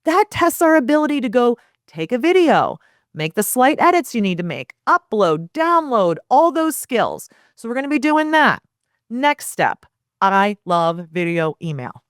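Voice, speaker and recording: A woman's voice: a little high, unhurried, no echo, clean studio sound. A woman talking energetically as a podcast guest, acting out example messages as she explains. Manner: energetic, animated, acts out quoted lines. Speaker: guest, property management founder. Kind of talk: casual interview chat.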